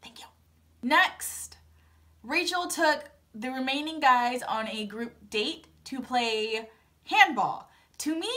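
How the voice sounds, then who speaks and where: A woman's voice: high-pitched, a bit bright. A young woman casually recapping a reality TV episode, chatty and dramatic, acting out her own reactions. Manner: chatty, dramatic asides, playful quoted reactions. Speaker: recap vlogger.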